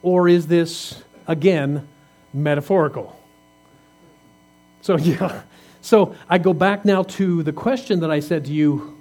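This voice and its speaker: A man's voice: fairly high pitch, slow, long pauses, darkish tone. A man preaching a conversational sermon, asking his congregation questions as he reads scripture. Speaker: pastor.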